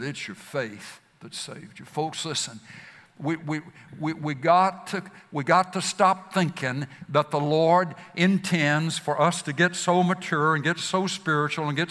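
A male preacher gives an impassioned sermon in a somewhat high voice. He drops into hushed, slow phrases, then builds again with rising emphasis. A long reverb hangs in the hall around him.

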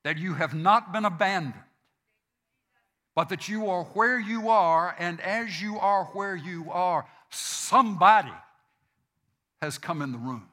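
A male pastor delivering a sermon at a slow, measured pace. His voice sits a little high and sounds bright and forceful. He leans on repeated phrases to drive points home. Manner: slow, deliberate preaching with emphatic repetitions.

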